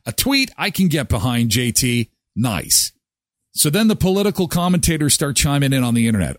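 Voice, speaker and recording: A man hosts a morning show in a sarcastic, ranting way. His pitch swings up and down a lot, and the sound is dry with no room echo. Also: big pitch swings, moderate pace. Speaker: host. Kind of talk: opinionated morning-show talk.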